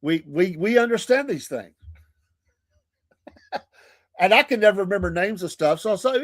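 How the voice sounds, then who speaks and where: A man's voice: high voice, expressive, normal speed, pauses often, fairly bright tone, dry recording. Chatty Southern man with a dry close sound. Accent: Southern American. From American South. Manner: chatty, laughs often, folksy. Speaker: morning show host. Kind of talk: casual livestream chat. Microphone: streaming mic.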